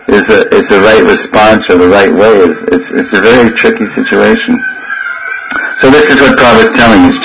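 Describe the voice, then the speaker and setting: A man in his sixties giving a sermon, telling stories with animated quoted voices and frequent laughter. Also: sits low, slight background noise, rough recording. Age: 60s. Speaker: spiritual teacher.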